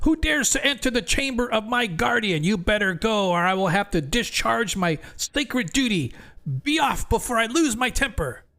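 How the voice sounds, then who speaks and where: A tiny crayfish guardian squeaks his warnings in a very high, shrill voice. He is pompous and self-important, and he puffs up with threats far bigger than he is. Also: expressive, moderate pace, pushed and bright, exaggerated voice. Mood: threatening.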